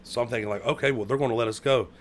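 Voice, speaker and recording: An American man telling a story in casual chat, full of slang, who acts out quotes with sudden loud outbursts. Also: mid-range voice, fairly even intonation, racing. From United States. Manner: heavy slang, lots of "bro" and "like".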